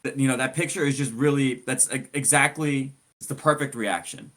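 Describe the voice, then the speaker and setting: A man co-hosting a podcast, running through a sports story in a relaxed, joking, conversational way. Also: medium pitch, a little fast. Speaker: podcast co-host. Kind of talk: casual sports chat.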